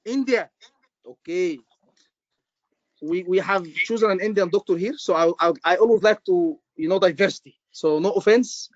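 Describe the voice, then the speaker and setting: A male tutor with a notably high voice talks to his class over a video call. The sound is dry and a little dull. He is animated, repeats himself and keeps checking that students follow. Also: moderate pace, dry recording. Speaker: medical exam tutor. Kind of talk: online class teaching.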